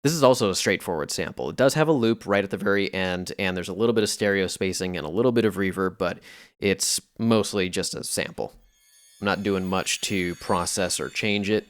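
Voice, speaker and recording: A man casually explaining how he recorded and processed sounds for a music piece, in a relaxed way with a few fillers. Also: low-pitched, fairly quick, slight background noise. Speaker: music producer. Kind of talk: casual tutorial narration.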